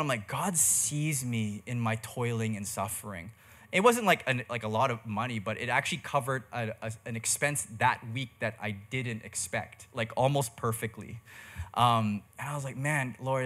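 A man's voice: mid-range voice, a bit bright. A young man preaching a sermon in church, telling a personal story in a casual, chatty way full of slang and fillers. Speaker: pastor.

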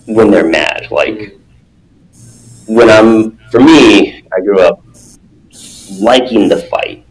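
Deep-voiced earnest martial arts coach. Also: male voice, rough recording. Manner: earnest, animated, acts out quotes. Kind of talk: casual podcast interview.

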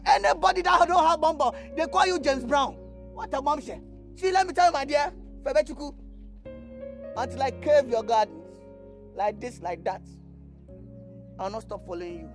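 A young actor with a Nigerian accent playing a brash, loud, teasing suitor who laughs and mocks. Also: male voice, very high voice, animated, moderate pace, long pauses, faint music behind. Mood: mocking loud. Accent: Nigerian English. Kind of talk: film acting.

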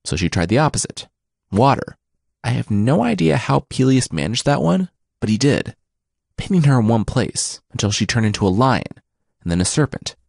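A man narrating myths for a podcast with wry, deadpan asides. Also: mid-range voice, moderate pace, vocal fry, no echo, clean studio sound. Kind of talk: comic mythology storytelling.

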